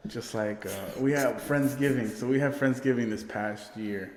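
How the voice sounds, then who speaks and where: A man co-hosting a podcast tells a loud, profane party story, laughing as he goes and acting out what his friends said. His voice sits at an ordinary pitch. The room is echoey, with a long reverb trailing each line. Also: steady tone, moderate pace. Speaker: podcast co-host. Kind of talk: casual storytelling chat. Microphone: podcast microphone.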